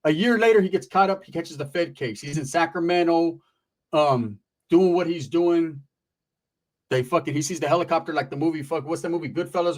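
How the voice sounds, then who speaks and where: Streetwise storyteller man, fairly high voice, salty slang. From Merced area, California. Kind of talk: casual storytelling.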